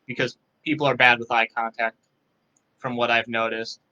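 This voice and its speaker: A young man with dry, self-deprecating humor, talking softly and a little tired in a casual live interview. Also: mid-range voice, little pitch movement, normal speed, lo-fi sound. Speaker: guest.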